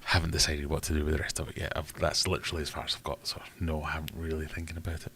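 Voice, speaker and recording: A man's voice: extremely low pitch, level tone, rapid-fire, pushed and bright, slight background noise. A man from Sheffield, hosting a casual livestream and chatting in a rambling way while answering viewer questions. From Sheffield, England. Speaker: livestream host.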